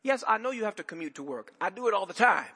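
Male pastor, conversational sermon full of asides and restarts, lifted pitch, echoing church. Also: lively intonation, fast talker, bright, forceful tone, breathy edge. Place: church sanctuary.

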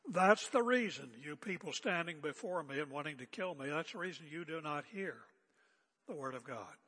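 Older guy preaching, bright husky voice, chatty and emphatic, big echoey church hall. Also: a little high, expressive, moderate pace. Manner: conversational, emphatic, joking asides. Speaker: pastor. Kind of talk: expository sermon.

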